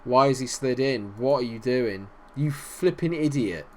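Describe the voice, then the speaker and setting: A young man commentating his own football management game, exasperated, swinging from low muttering to shouting at his players. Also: unhurried. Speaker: gaming YouTuber. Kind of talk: let's-play commentary.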